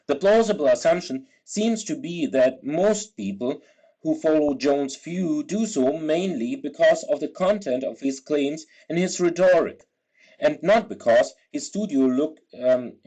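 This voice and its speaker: A man's voice: a little high, warm tone, poor audio. Man giving a careful academic talk. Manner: careful, structured explanation. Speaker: lecturer.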